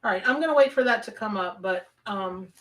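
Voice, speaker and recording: A Southern-accented woman talks loosely and warmly to her live-stream audience and breaks off to answer viewer comments. She sits some distance from the microphone, so her voice sounds a little far away. Her pitch stays in the middle range for a woman. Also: lively intonation, brisk. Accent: Southern American. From American South. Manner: chatty, reacts to viewer comments. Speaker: tarot reader hosting a live stream. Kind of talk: live-stream chat and reading.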